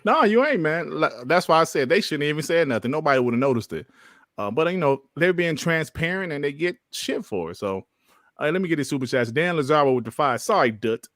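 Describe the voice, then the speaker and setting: A man hosts a relaxed gaming podcast and reads viewer messages aloud. He talks in a laid-back, slangy way, laughs often, and sounds dry and close to the mic. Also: fairly high pitch, brisk, dry recording. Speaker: podcast host. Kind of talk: casual chat, reading super chats.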